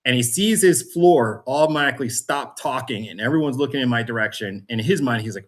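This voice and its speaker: Male guest; animated storyteller who does voices of people in his story. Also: mid-range voice, quick pace, hardly any pauses. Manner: animated storyteller, acts out voices, laughs often. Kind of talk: storytelling interview.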